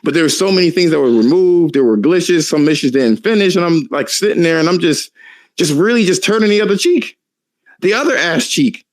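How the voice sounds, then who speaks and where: A man's voice: fairly high pitch, brisk. A man hosting a casual podcast, ranting animatedly and cursing a lot. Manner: profane, animated ranting with laughs. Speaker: podcast host.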